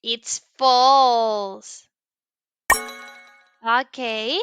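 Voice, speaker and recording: A woman teaching a children's English lesson in a slow, exaggerated, encouraging sing-song way, with frequent praise. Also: high voice, lively intonation, sharp tone, no echo. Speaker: English teacher for young learners.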